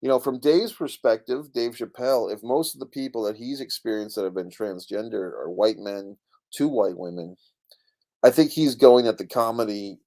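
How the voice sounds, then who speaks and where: A middle-aged man runs a casual live stream, rambling about a comedy special and reading viewers' chat comments aloud. His voice is lowish with a dark tone.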